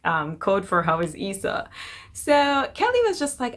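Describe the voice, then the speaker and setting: A young woman casually recapping a TV episode, chatty and animated, quoting the characters in quick bursts. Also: mid-range voice. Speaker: TV episode reviewer.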